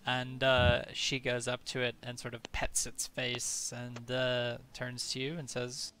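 A man narrating as game master of a tabletop game, relaxed with many fillers. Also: mid-range voice, a little slow, hardly any pauses, slight background noise.

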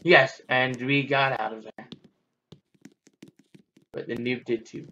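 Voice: medium pitch, steady tone, slow, sharp tone, highs cut off. A gamer giving playful, chatty commentary on a game, squealing and exclaiming while playing. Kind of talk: gameplay commentary.

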